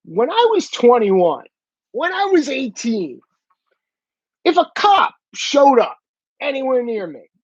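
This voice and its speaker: Husky, profane man in his thirties ranting. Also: very high-pitched, slow pace, long pauses, no room sound, dull audio. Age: 30s. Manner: animated, profane, bursts into shouting. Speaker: commentator. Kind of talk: profane opinion rant.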